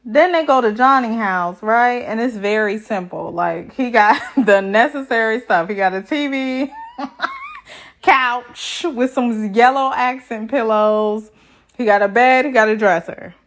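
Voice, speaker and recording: A woman's voice: fairly high pitch, sing-song, a little slow. Sassy, chatty woman recapping TV. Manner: sassy and chatty, with lots of slang asides. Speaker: TV recap vlogger. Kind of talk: casual show recap.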